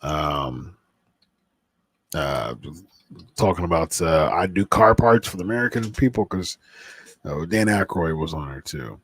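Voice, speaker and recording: A man's voice: low voice, lively intonation, measured pace, pauses often, a bit bright, breathy edge, no room sound. A man hosting a live podcast stream, chatting casually in a rambling way full of fillers and restarts, a little stuffy from a cold. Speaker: podcast host.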